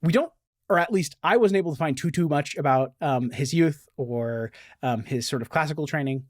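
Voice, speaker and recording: A man's voice: fairly high pitch, moderate pace, no echo, clean studio sound. A man hosting a casual podcast, enthusiastic and reading book passages aloud. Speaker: podcast host.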